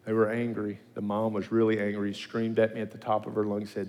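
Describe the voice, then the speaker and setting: A man's voice: a little fast, hardly any pauses. Man preaching in a big echoing hall. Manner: animated storyteller, acting out quotes in pitch leaps. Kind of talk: sermon with storytelling.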